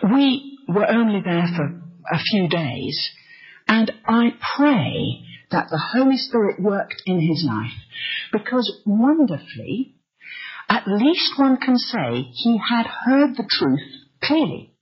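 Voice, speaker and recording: Woman preacher, earnest storyteller, husky voice, slightly muffled recording. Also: medium pitch, sing-song, slow. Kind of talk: sermon testimony.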